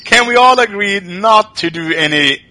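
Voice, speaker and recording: A man's voice: high voice, animated, moderate pace, pushed and bright, no room sound, rough recording. A man co-hosting a podcast in casual chat, joking crudely. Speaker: podcast co-host.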